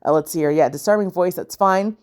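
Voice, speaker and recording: A woman's voice: on the low side, brisk, a little mellow, clean tone. A woman casually commentating her own video game battles, chatty and often unsure, thinking aloud with fillers. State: sleepy, yawning. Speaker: gaming channel host.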